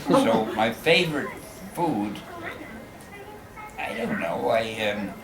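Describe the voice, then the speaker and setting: A man's voice: on the low side, lively intonation, slow pace, over loud music. An older man telling self-mocking stories as guest of honor in a fan Q&A. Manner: wry, self-mocking jokes. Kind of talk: humorous Q&A storytelling. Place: convention event room. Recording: echoey room, loud crowd.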